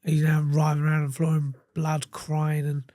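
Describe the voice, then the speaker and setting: A man's voice: a little high, monotone, normal speed, dark tone, dry recording, clean studio sound. An English man, a podcast guest, telling his story casually with heavy swearing and acted-out quotes. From England. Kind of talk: candid storytelling interview.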